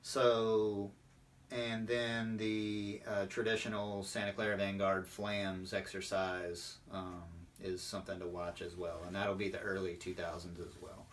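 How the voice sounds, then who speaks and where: A man with a fairly low voice teaches drum line technique, walking through each step with frequent fillers. He sounds set back from the mic, with faint noise in the room. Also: little pitch movement, a little slow, far from the mic. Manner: explanatory, many fillers, instructive. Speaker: percussion instructor. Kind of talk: online drum line lesson.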